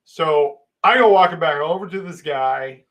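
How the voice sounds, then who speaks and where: A middle-aged male storyteller with a fairly high, slightly bright voice speaks at a measured pace on a poor-quality recording. He casually tells a long personal anecdote, rambling, restarting often, and acting out exchanges with dramatic shifts in his voice.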